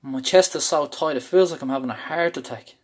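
A man's voice: on the high side, a little fast, slightly rough. A man from Ireland telling a candid, intense story about a panic attack. He speaks openly and swears freely. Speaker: speaker sharing a personal story. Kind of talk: personal storytelling talk.

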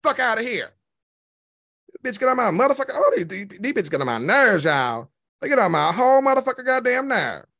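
High-pitched sassy man ranting. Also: very animated, a little fast, pushed and bright. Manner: sassy, insulting, heavy swearing. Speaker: online show host. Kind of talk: profane livestream rant.

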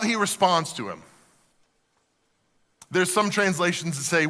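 A male pastor preaching a sermon in a church, animated and shifting down to soft emphasis. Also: high voice, unhurried, pauses often. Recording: reverberant hall.

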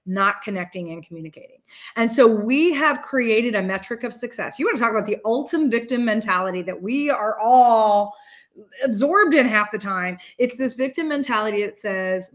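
A woman's voice: medium pitch, lively intonation, a little fast. A middle-aged woman with a voice in the middle of the usual range hosts a casual motivational talk. She speaks candidly and animatedly, swears freely, and often restarts her sentences as she goes. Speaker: host.

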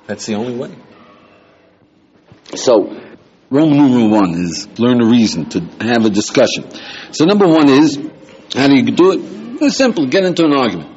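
A rabbi giving an animated lecture to a live class, often checking in with "yeah?" and "right?". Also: male voice, mid-range voice, moderate pace, long pauses. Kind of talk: lively lecture with audience questions. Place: lecture room with a live audience. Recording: muffled older lecture tape with faint hiss.

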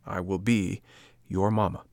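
A man's voice: deep voice, flat delivery, a little slow, creaky, darkish tone, no echo, clean studio sound. A man voicing a kind but stern motherly fairy, speaking in a solemn, admonishing way in a storybook reading. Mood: tender.

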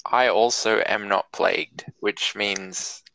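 Aussie man guest, low-ish bright gravelly voice, dry mock-boasting banter over a call. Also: fairly even intonation, slow pace, low-quality recording. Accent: Australian. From rural New South Wales, Australia. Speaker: podcast guest. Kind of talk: casual chat.

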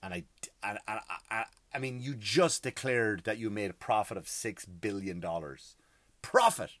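A middle-aged host ranting about everyday hassles in an exasperated, profane, emphatic way. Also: male voice, lowish voice, normal speed, a bit bright, no room sound. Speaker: podcast host. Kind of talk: comedic rant.

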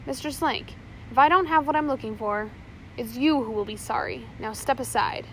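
A woman's voice: a little high, moderate pace, a little hiss or hum, natural voice, low-quality recording. A woman voicing a cunning, ruthless male pirate captain who gives curt, commanding orders in a storybook reading. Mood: threatening.

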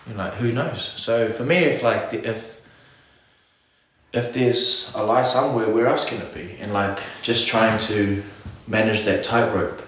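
A man in casual chat, animated and slangy, often cutting himself off mid-thought. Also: on the low side, measured pace. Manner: animated, slangy, self-interrupting. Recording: echoey room.

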